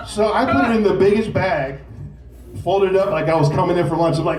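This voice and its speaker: A man in his forties doing a stand-up set at an open mic, telling stories and acting out shouting drill instructors, with the audience laughing. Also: high voice, quick pace, recorded from a distance, background noise. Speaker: stand-up comedian. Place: comedy club stage. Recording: roomy club sound from off mic with loud crowd laughter.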